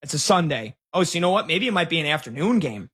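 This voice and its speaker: A man co-hosting a sports talk show, breaking news of a game result with real excitement. His voice sits high and bright, with an emphatic, punchy delivery. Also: fast talker, breathy edge. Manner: excited, emphatic score updates. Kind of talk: live sports talk, calling scores.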